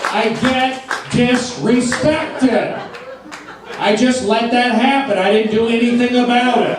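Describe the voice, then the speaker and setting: A man doing stand-up comedy on a club stage, blunt and self-deprecating in short repeated sentences, with audience laughter behind him. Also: very high-pitched. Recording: distant echoey club recording, noisy.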